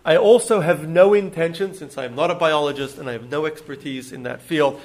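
An American man gives a public lecture on Judaism to an audience, hesitant and full of ums and restarts. His voice is on the high side and a little mellow, moving slightly fast, with some hiss or hum in the audio.

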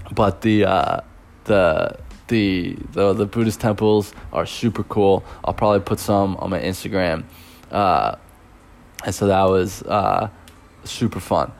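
Young male teacher abroad, low deep voice, relaxed rambling vlog storyteller with fillers. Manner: rambling, loose, with many fillers and chuckles.

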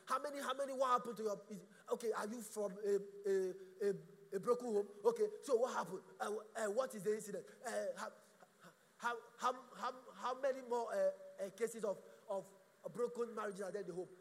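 High-voiced, gravelly male preacher. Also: a little fast. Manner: animated, stammering restarts, rhetorical questions. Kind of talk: sermon. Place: church. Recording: echoey church hall.

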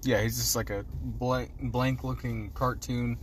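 A man co-hosting a podcast, chatting casually in a laid-back, low-energy way and swearing often. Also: flat delivery, a little slow, a little hiss or hum. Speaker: podcast co-host.

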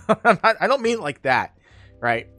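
A man's voice: high voice, very animated, moderate pace, sharp tone, faint music behind. A man hosting a casual solo podcast, rambling and laughing at his own jokes. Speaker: podcast host.

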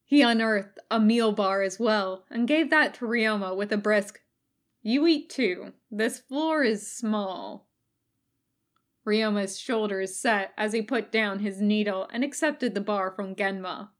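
A woman reading fan fiction aloud as a recorded podfic, in calm, even narration. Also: mid-range voice, moderate pace, hardly any pauses. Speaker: podfic reader.

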